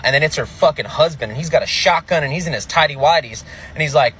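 A man's voice: fairly high pitch, fast, fairly bright tone, a little hiss or hum. A young man telling a crude comic story, brash and rambling, as a podcast co-host. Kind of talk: comedic storytelling.

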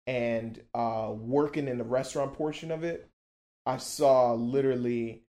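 Animated, slangy storytelling man. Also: medium pitch, unhurried. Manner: animated, slangy, repeats for emphasis. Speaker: podcast guest. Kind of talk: casual storytelling.

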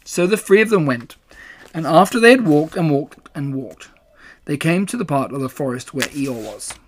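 A man narrating a classic children's story in a measured, gentle storytelling manner. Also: on the high side, lively intonation. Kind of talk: storybook reading.

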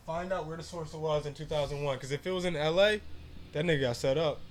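A man co-hosting a casual podcast chat, loud and animated, laughing often and telling stories in heavy slang. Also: fairly high pitch, fast talker, a little hiss or hum. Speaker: podcast co-host.

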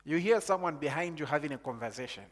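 Zambian guy preaching, kinda high voice, calm then gets loud and fired up, long echo in the room. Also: quick pace. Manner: builds from calm teaching to loud excited preaching. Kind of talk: sermon.

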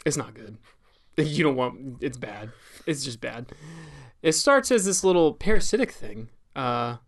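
A man's voice: medium pitch, lively intonation, measured pace. A man co-hosting a podcast in casual chat, explaining things in a wry manner. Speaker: podcast co-host.

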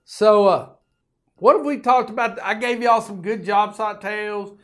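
An older man with a drawl tells a long, rambling story, cussing casually and tossing in jokes as he goes. His voice sits a little above the usual pitch for a man. He sounds like a folksy host talking straight to his listeners. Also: unhurried. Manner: folksy, profane, joking asides. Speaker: podcast host.

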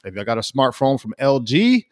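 Chill podcast dude, slangy, mid voice, dry mic. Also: male voice, medium pitch, very animated, moderate pace, a little mellow, no echo. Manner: laid-back, slangy. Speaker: podcast co-host. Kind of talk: casual chat.

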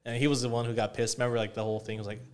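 A man's voice: medium pitch, flat delivery, racing, smooth. A young man co-hosting a podcast, telling stories in a rambling, profane, casual chat. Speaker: podcast co-host.

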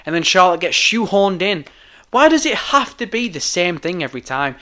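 A hoarse man rants into his podcast microphone, swearing freely and circling back over his points. His voice is bright, forceful and a touch high, worn rough from talking at length. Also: big pitch swings, moderate pace. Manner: heated, sweary, repeats himself. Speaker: podcast host. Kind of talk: ranting podcast commentary.

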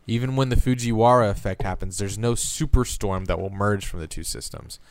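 A young man co-hosting a podcast, reading news aloud and then breaking off into crude jokes. His voice sits fairly low, and the sound is close and dry. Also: a little fast, no room sound. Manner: crude, joking, reads news stories aloud with asides. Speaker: podcast co-host.

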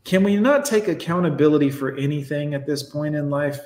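A man's voice: on the high side, fairly quick, darkish tone. A man in his forties hosting a casual reaction stream, talking in a blunt, sarcastic, profane way. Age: 40s. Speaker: streamer host reacting to videos. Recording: echoey room.

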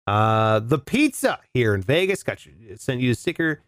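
A man's voice: medium pitch, very animated, moderate pace, a bit bright, dry recording, clean studio sound. A man hosting a solo podcast in a casual, laid-back way, swearing freely and calling listeners dude and bro. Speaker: podcast host.

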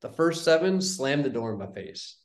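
This young man speaks at a normal speed with medium pitch, a real estate investor guesting on an interview show. He casually tells a story with animated energy, acting out what people said, and the room sounds echoey.

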